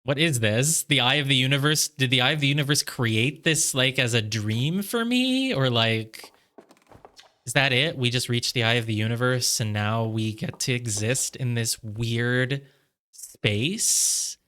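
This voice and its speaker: Male let's-player with a mid-pitched voice, rambling and reflective, heavy on "like" fillers and soft laughs. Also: a little slow. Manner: musing aloud, heavy on "like" fillers. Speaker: gamer playing through a game. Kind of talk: casual let's-play commentary.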